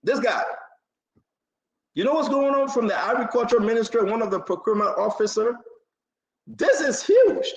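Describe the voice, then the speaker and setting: A high-pitched man hosts a live talk show, pressing each point by saying it again and again. His voice rings in a roomy, echoing space. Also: very animated, normal speed, pauses often. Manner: emphatic, repeats phrases, laughs between points.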